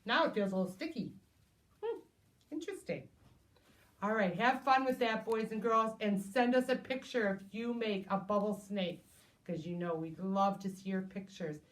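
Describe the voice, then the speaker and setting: A woman preschool teacher reading a picture book aloud to children, animated and exclaiming in a sing-song way. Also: mid-range voice, normal speed.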